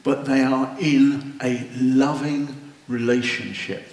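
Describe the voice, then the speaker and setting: A man preaching a sermon, slow and earnest, rising to wondering exclamations. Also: mid-range voice, level tone, a little mellow. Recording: roomy echo.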